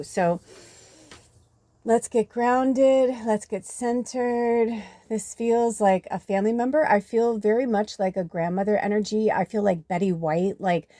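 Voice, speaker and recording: A woman giving a casual tarot reading, chatty and rambling, swearing casually and sometimes dropping into soft whispers. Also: mid-range voice, no room sound. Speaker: tarot reader and medium.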